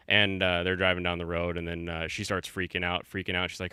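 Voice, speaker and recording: A man with a low, bright and crisp voice hosts a relaxed stream chat. He rambles through a story, full of fillers and restarts. His voice is picked up dry and close, with no room sound. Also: brisk, hardly any pauses, no echo. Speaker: stream host. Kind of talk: casual chat.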